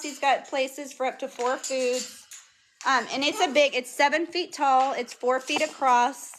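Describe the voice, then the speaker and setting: A woman's voice: high voice, moderate pace, a bit bright, a little hiss or hum. A woman chatting casually on a phone livestream and answering viewers' comments aloud. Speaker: vlogger answering live chat. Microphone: phone camera.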